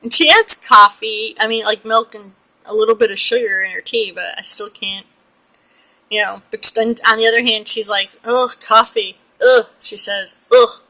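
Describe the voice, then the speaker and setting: A woman's voice: mid-range voice, normal speed, pushed and bright, rough recording. A middle-aged woman from the United States chatting in a rambling way while she paints a pet portrait, often laughing. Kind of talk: casual chat while painting.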